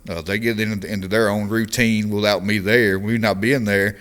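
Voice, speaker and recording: A man from Louisiana with a Cajun accent, speaking in a fairly low voice. He tells stories in relaxed chat with lots of repeated words and easy laughter. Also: moderate pace. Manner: drawling storyteller, repeats words, laughs often. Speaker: guest trucker. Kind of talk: casual chat.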